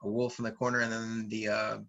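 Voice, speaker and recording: Bright-voiced lively man. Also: lowish voice, brisk, highs cut off. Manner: lively, laughs often, fillers. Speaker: manga reviewer. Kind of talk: casual chat, reading aloud.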